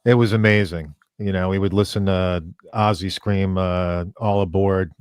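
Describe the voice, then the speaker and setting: A man with a very low voice co-hosts an interview. He talks with rambling enthusiasm and plenty of fillers. The sound is dry, with no room echo. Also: steady tone, normal speed, darkish tone, clear, resonant tone. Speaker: podcast co-host. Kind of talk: casual interview conversation.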